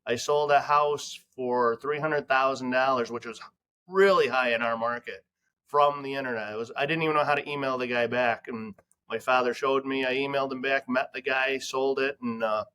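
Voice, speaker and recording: A man who is a guest real estate broker, telling stories in a casual podcast chat with quick laughs. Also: medium pitch, fairly even intonation, bright, forceful tone.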